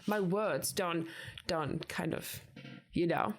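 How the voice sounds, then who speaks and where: A woman's voice: fairly low pitch, slow. A woman co-hosting a podcast, chatting candidly and acting out the lines she quotes. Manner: candid, animated retelling with acted-out quotes. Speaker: podcast co-host. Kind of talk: casual chat.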